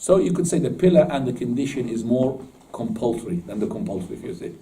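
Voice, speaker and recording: A man's voice: mid-range voice, expressive, fast, mellow, distant mic, slight background noise, poor audio. A man teaching Islamic law to a class in casual, informal speech, often asking his students questions and laughing at his own jokes. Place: mosque classroom.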